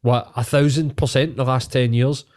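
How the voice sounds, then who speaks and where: A man's voice: medium pitch, fairly even intonation, normal speed, darkish tone. A Scottish man ranting heatedly on a podcast, swearing freely in casual chat. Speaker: podcast co-host.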